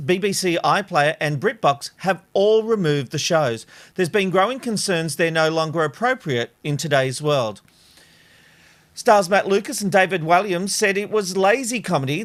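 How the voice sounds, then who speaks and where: A man's voice: high voice, fairly bright tone. A man hosting a talk show, reading a news item and then pressing his co-hosts with pointed questions. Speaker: host. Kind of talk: news segment and panel debate.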